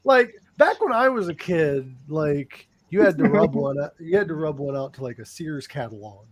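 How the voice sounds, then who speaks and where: A man hosting a casual podcast, his voice on the high side and swinging up and down as he talks. He jokes crudely, swears freely and keeps cracking himself up. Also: animated, normal speed. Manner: joking, profane, breaks into laughter and sung bits. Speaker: podcast host.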